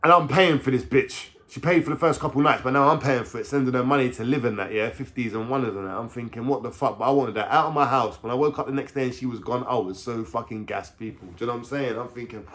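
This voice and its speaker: A man, telling a story in his vlog in animated street slang and swearing heavily. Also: mid-range voice, fast, hardly any pauses. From London. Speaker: vlogger.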